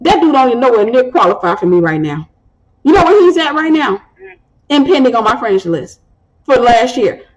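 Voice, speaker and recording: Woman, thirties, ministry host, slightly high voice, lively storyteller. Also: a little fast, low-quality recording. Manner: animated storytelling, acts out quoted voices. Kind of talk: preaching-style advice talk.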